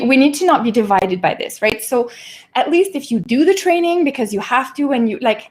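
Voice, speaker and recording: Animated woman ranting from home. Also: a little high. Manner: animated, exasperated, laughs and catches her breath. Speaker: show host. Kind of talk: casual livestream commentary.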